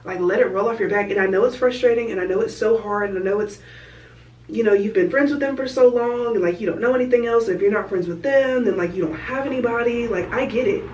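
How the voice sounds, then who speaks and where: A woman's voice: a little high, fast talker, darkish tone, recorded from a distance, muffled recording, a little hiss or hum. Chatty young woman vlogging in a roomy space. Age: young adult. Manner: chatty, candid, fillers of "like". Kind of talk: casual chat.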